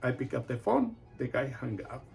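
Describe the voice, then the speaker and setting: A man, a real estate agent, telling a personal story in an animated way and acting out the voices of its people. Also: mid-range voice, moderate pace, vocal fry, soft background music.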